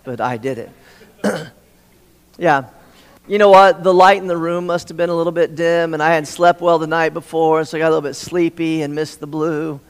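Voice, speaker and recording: A man's voice: fairly high pitch, little pitch movement, normal speed, clear, resonant tone. A man preaching a sermon, often stammering and repeating words as he acts out the dialogue he quotes. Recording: long hall reverb.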